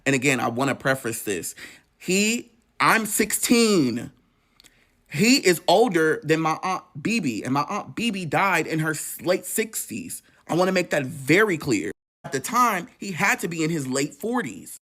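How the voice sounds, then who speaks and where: Male vlogger, personal storytime, emotional, swears often, animated. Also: on the high side, normal speed.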